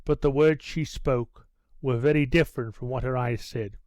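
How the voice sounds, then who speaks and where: A male audiobook narrator reading a classic novel in steady, unhurried scripted narration. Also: medium pitch, no echo.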